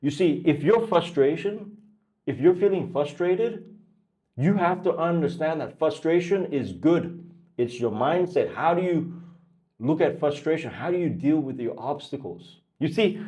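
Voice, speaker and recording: A man's voice: fairly high pitch, expressive, measured pace, darkish tone. A man coaching traders in a blunt motivational talk. He swears freely and keeps pushing the listener with repeated questions. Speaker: trading coach.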